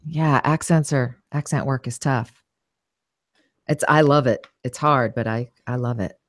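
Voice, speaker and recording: A woman's voice: rumbling low, a little slow, no echo, clean studio sound. A woman voice actress talking as an interview guest, thoughtful, with many "you know"s and restarts. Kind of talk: casual interview conversation.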